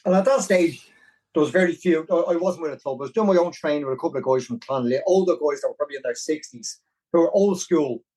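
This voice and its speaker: A man in his forties with a Dublin Irish accent, a podcast guest telling his story in an animated, self-deprecating way. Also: a little high, fast, far from the mic, rough recording. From Ireland. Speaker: podcast guest, marathon runner. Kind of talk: casual storytelling interview.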